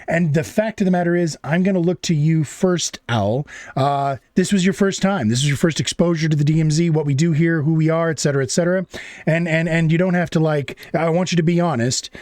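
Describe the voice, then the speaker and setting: Guy hosting a debate night, kinda high voice, dry close mic, rambly and swears a lot. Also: a little mellow, dry recording. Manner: rambling, swears freely, enthusiastic praise. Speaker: debate moderator. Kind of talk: casual wrap-up chat.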